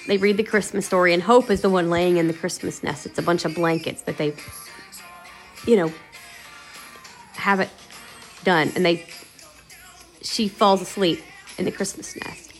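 A woman's voice: lowish voice, normal speed, long pauses, faint music behind. A woman podcast host casually retelling a radio episode in a rambling, conversational way. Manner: rambling, conversational, many "you know" fillers.

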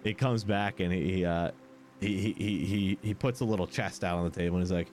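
A man's voice: sits low, fairly even intonation, fairly quick, a little mellow, a little hiss or hum. A man narrating as game master of a tabletop game, with many fillers and frequent laughs.

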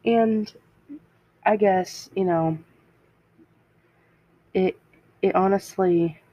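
A teenage girl hosting a podcast tells a personal story, rambling, interrupting herself and laughing at her own expense. Her mid-range voice is very slow, captured dry on a dull lo-fi home mic.

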